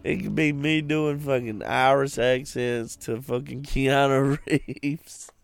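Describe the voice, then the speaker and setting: A man's voice: medium pitch, fairly even intonation, slow pace, vocal fry, smooth, dry recording, faint music behind. A man co-hosting a podcast, chatting casually about movies, giggly and profane, drifting into tangents. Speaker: podcast co-host.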